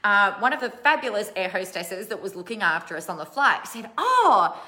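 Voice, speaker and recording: A woman's voice: mid-range voice, lively intonation, fairly quick, bright, forceful tone. A woman in her thirties, a business coach giving a chatty, blunt motivational talk to her online audience, swearing casually and laughing at herself. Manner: self-deprecating, laughs at herself.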